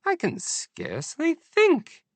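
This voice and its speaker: A man's voice: very high-pitched, huge pitch swings, slow pace, creaky, no echo, voice pushed up, exaggerated voice. A man voicing an elderly, fussy Queen of England in an audiobook, with a prim, fluttery upper-class manner. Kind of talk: audiobook character voice.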